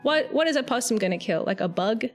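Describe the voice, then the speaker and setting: A woman's voice: on the high side, expressive, fast talker, soft background music. A young Australian woman chatting casually on a live stream, rambling and giggling, with the odd swear word. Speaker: VTuber streamer.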